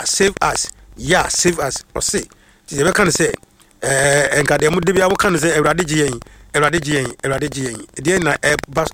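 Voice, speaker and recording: A man's voice: a little high, fairly bright tone. A man with a somewhat raised voice preaches a sermon, slipping in English phrases and hammering his points home through repetition. A faint hiss sits under the recording. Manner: emphatic, repeats phrases for stress. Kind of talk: radio-style sermon with greetings to listeners.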